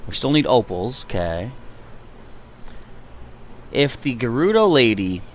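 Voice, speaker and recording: A man's voice: medium pitch, very animated, slow pace, a little hiss or hum. A man chatting to himself and his viewers while playing through a live stream, reacting as he goes. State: hiccuping. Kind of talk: gameplay live stream commentary.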